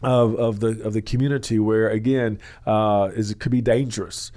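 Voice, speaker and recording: A man hosting a church counseling show, explaining at length in a loose, rambling way, often pausing with "uh" and "you know". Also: lowish voice, fairly even intonation, a little mellow. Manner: rambling, full of "uh" and "you know", acts out quoted voices. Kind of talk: teaching talk on a question-and-answer show.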